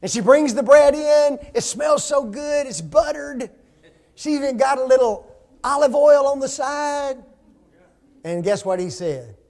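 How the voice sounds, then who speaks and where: A man teaching a Bible class, animated and joking, often asking the class questions. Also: very high-pitched, a little slow.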